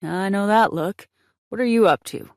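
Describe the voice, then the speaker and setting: A woman's voice: mid-range voice, normal speed, no room sound, lightly acted. A woman reading the lines of a stern, exasperated male federal agent in an audiobook, in a plain voice close to her own. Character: man, blunt by-the-book federal agent. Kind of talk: audiobook character voice.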